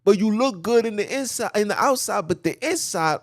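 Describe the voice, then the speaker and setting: A high-voiced man, a podcast preacher, delivers an impassioned, fervent sermon in a sing-song way. His preaching is rhythmic and repetitive, full of vernacular speech and sudden drawn-out exclamations.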